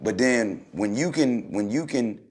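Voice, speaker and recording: A man, a former basketball player, telling stories in a relaxed, slangy podcast chat that turns animated. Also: fairly low pitch, unhurried, husky. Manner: laid-back storytelling, loose slangy speech, animated when retelling.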